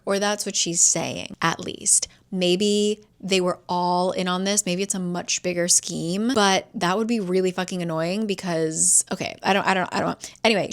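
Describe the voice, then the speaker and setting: A woman casually recapping a novel's plot, chatty and swearing as she voices its characters. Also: on the low side. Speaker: book reviewer.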